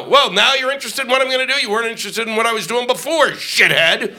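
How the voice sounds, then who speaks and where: Ranting, profane stand-up comic with a gravelly voice. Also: male voice, extremely high pitch, expressive, fast talker, few pauses. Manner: ranting, profane, shouting punchlines. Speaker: stand-up comedian. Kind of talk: stand-up routine. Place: comedy stage before a live audience. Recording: live club audio with ambient noise.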